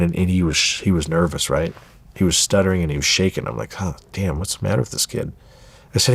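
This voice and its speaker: A man's voice: low voice, fast, gravelly, breathy edge, no echo. A man in his thirties, an interview guest recounting a story and acting out the lines of others. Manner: animated storyteller acting out quoted dialogue.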